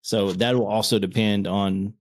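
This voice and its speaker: A man in his thirties chatting casually on a podcast, stumbling and restarting his words when excited, laughing often. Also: fairly low pitch, normal speed. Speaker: podcast co-host. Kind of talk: casual chat.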